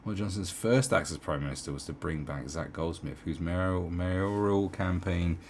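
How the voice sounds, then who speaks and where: A man's voice: low voice, normal speed, a little hiss or hum. A man giving sarcastic, profane commentary as he reads an article aloud, with mocking asides. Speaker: online commentator.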